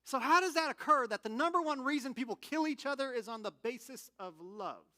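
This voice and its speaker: A man preaching a sermon in a candid, animated, conversational way, telling personal stories. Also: extremely high pitch, brisk. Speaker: pastor.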